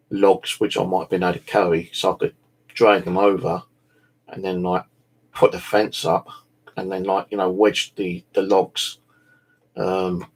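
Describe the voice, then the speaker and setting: Tired man, husky, deep, casual meandering vlog chat. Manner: meandering, full of "you know" and "like", swears casually. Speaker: bushcraft vlogger.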